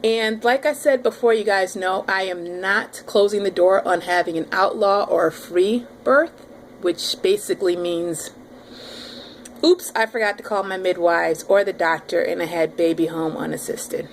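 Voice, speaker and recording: A pregnant woman in her thirties telling her audience a story in a casual, animated vlog. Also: medium pitch, moderate pace, a little hiss or hum. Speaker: vlogger.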